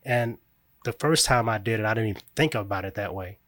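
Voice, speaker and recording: An earnest man talks through hard family matters in a relaxed, conversational way. His voice is dry and close, with no room around it, and he keeps stopping to ask "right?" as he reflects. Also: fairly low pitch, fairly quick, no echo. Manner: reflective, emphatic, frequent "right?" check-ins. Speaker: grandparent raising a grieving grandchild.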